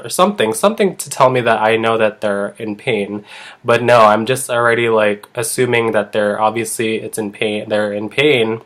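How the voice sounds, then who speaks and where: Man vlogging about his salon work, loose rambling delivery with constant fillers, slightly low pitch. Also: normal speed, fairly bright tone. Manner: rambling, heavy use of "like". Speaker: eyebrow artist. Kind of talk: casual chat vlog.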